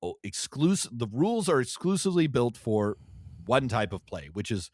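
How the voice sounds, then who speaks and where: A man's voice: medium pitch, big pitch swings, moderate pace, a little mellow, no room sound, studio quality. A man co-hosting a tabletop game podcast, chatting casually and joking, often chuckling as he rambles through his points. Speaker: podcast co-host, game master.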